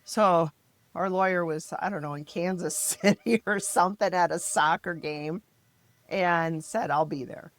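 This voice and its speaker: A middle-aged mother from the American Midwest telling her family's story in an interview, emphatic and frank, turning animated when she quotes others. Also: fairly low pitch, measured pace, no room sound. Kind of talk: personal storytelling in a podcast interview.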